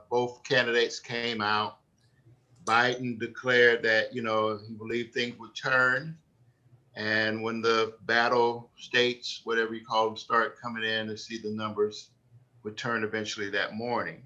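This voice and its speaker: Bright-toned man giving an earnest devotional. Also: medium pitch. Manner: unhurried, halting with fillers, earnest preaching. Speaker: church program moderator. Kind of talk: closing devotional remarks. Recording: dull lo-fi sound.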